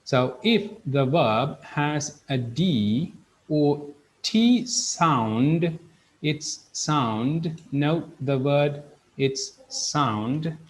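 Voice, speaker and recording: A male English teacher leads a live online lesson. His voice sits a little high, and he speaks unhurriedly, with careful pauses. He says each example word twice so his students can follow. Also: lively intonation, rough recording. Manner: slow, patient, repeats each word twice.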